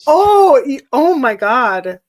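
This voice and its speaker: A woman hosting a casual livestream chat, laid-back and quick to laugh. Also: high-pitched, very animated. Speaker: livestream host.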